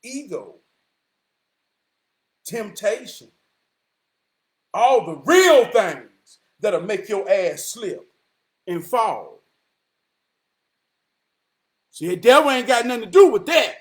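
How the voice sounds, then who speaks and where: Very high-voiced man preaching real talk. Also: big pitch swings. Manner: emphatic, profane, often raises voice to a shout; repeats key lines slowly for weight. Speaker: motivational vlogger. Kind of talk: preachy motivational monologue.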